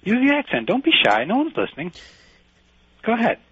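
A man's voice: high voice, wildly swooping pitch, fairly quick, fairly bright tone, slightly rough, no room sound. A man in an improvised comedy sketch, pushing a friend to use a Brooklyn accent with brash, insulting, rambling tirades. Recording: dry, phone-like lo-fi recording.

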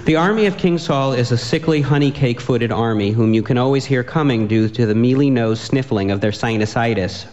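A man's voice: mid-range voice, brisk, hardly any pauses, a little mellow, muffled recording, natural voice. A man voicing a boastful giant warrior who mocks his small opponent, in a comic story reading. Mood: taunting. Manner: taunting, bragging.

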